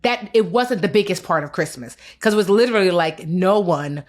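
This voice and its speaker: A woman's voice: fairly low pitch, animated, a little fast. A woman co-hosting a podcast in casual chat with an American accent, talking candidly and a bit wearily about the year. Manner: candid, tired, reflective. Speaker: podcast co-host.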